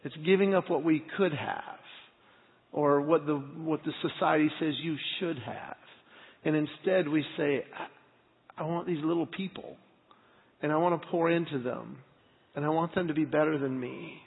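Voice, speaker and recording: A man's voice: a little high, normal speed, creaky. A man in his thirties preaching a sermon, a pastor animatedly acting out stories about his family. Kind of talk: sermon with personal storytelling. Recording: phone-like sound with long hall reverb.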